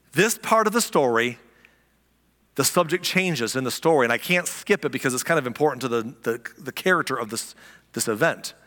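A man preaching a sermon as pastor, animated and conversational, repeating key lines for emphasis. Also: medium pitch, in a large hall.

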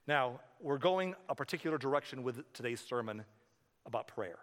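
A male pastor preaching a sermon in a church, conversational and animated, telling stories with asides. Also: medium pitch, moderate pace. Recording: reverberant hall.

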